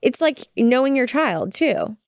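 A young adult woman co-hosting a casual parenting podcast, lively and acting out what she tells her kids. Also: sits high, a little slow, no echo, clean studio sound. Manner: animated, acts out quoted talk with her kids. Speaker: podcast co-host. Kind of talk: casual chat.

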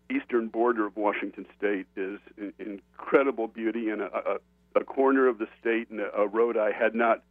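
A man's voice: fairly low pitch, dry recording. Man telling a story over a tinny phone line. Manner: animated conversational storyteller. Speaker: author and guest. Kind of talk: casual anecdote telling.

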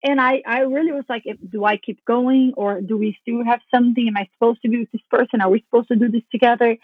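A woman talking casually on a podcast, telling a story with lively energy and casual swearing. She acts out her own past thoughts as she goes. Her voice comes through a thin, phone-like line with a dry sound and a slightly high pitch. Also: fast, dry recording. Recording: phone-like narrow band, dry.

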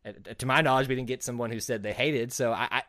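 A man's voice: mid-range voice, fairly even intonation, quick pace, pushed and bright, no echo, clean studio sound. A man hosting a casual sports podcast, joking, rambling and laughing easily. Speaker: podcast host.

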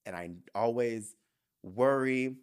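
A man's voice: mid-range voice, slow, clear, resonant tone. A young man hosting a podcast, talking candidly and emotionally in a casual chat, swearing freely. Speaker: podcast host.

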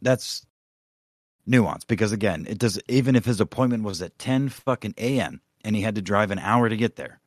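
A man's voice: fairly low pitch, normal speed, dry recording, clean studio sound. A man co-hosting a podcast in casual chat, ranting with lots of swearing and rambling asides. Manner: profane, rambling rants. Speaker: podcast co-host.

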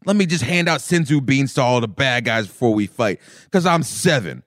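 A man's voice: mid-range voice, lively intonation, normal speed, fairly bright tone, dry recording, clean studio sound, lightly acted. A man briefly voicing a cocky, childish male cartoon fighter while retelling a scene. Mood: boastful.

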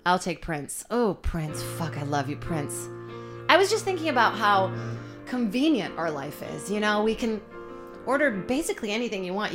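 A woman's voice: medium pitch, very animated, normal speed. A woman co-hosting a comedy podcast, riffing animatedly with crude jokes. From immigrant, born abroad. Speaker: podcast co-host. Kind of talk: casual comedy chat. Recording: music playing behind.

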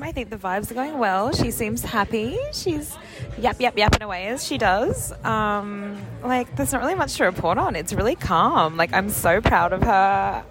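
A young woman, chatting casually and playfully as a host, peppering her talk with "like". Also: medium pitch. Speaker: podcast host and date organizer. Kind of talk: casual chat.

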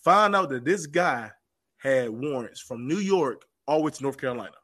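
A man telling a story as a podcast guest, animated, and repeating phrases for emphasis. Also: mid-range voice, moderate pace. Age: adult with children. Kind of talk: casual storytelling.

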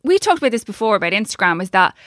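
Irish woman, 30s, podcast co-host; bright, sweary storyteller, dry close sound. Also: mid-range voice, very animated, racing, dry recording. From Ireland. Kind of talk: casual chat.

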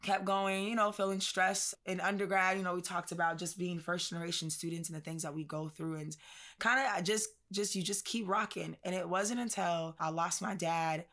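A woman's voice: on the low side, fairly even intonation, normal speed, fairly bright tone. A woman co-hosting a podcast, telling a personal story in a casual, reflective way with slang and plenty of fillers. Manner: reflective, conversational, uses slang and many fillers. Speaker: podcast co-host.

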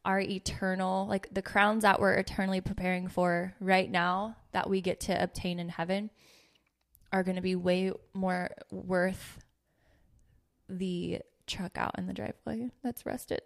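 Thirtysomething woman hosting a faith podcast, lots of vocal fry, earnest but teasing. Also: medium pitch, level tone, a little slow. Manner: earnest, playful, reads scripture aloud. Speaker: podcast host. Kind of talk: casual faith podcast chat.

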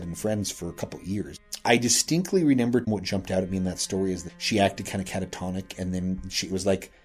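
A podcast host from Wyoming tells a ghost story in an easy, conversational way, going through the account piece by piece. His voice sits a little low, and soft music plays quietly under his words. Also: husky. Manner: earnest, retelling secondhand accounts step by step. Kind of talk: casual ghost-story telling.

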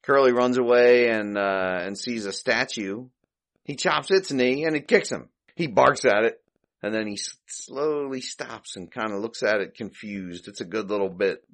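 A man's voice: mid-range voice, moderate pace, a bit bright. A man hosting a podcast, casually recapping an old comedy short, chuckling and thinking aloud as he goes. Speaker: podcast host.

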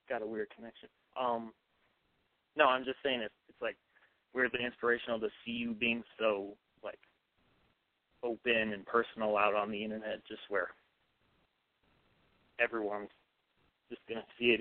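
A teenage young man calling in to a radio show, hesitant and halting, from New Mexico. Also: mid-range voice, little pitch movement. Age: teens. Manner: hesitant, halting, full of fillers. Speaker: caller. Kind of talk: phone call to a radio show. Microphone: phone. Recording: tinny phone line, dry.

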